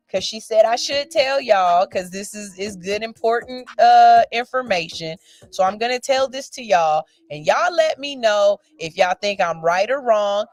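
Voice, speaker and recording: A woman, co-hosting a morning radio show in frank, emphatic casual talk, swearing freely into a studio mic. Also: medium pitch.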